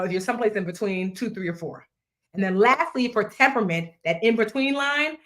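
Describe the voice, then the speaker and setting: Lively playful woman teaching a live class. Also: mid-range voice. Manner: lively, playful, talks straight to viewers, drops into slang and snatches of song. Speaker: financial educator hosting a live workshop.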